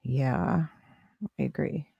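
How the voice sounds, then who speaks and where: A woman's voice: extremely low pitch, slow pace, creaky, mellow, husky, no echo, highs cut off. A woman hosting a casual livestream, answering viewer comments in a sarcastic, defensive way. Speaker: livestream host.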